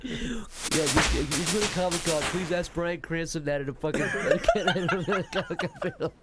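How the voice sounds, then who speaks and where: A man's voice: fairly high pitch, huge pitch swings, unhurried, loud music behind the voice. Rowdy joking man on a stream. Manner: rowdy, joking, shouts goofy voice bits. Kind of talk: casual gaming stream chat.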